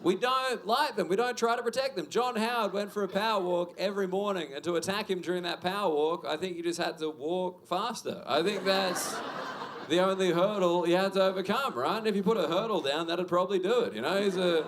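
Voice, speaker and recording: A man's voice: sits high, brisk. A young Australian man with an Australian accent doing a stand-up comedy set, conversational and sweary, working the crowd with lots of tag questions. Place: comedy venue with audience. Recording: live venue with audience noise.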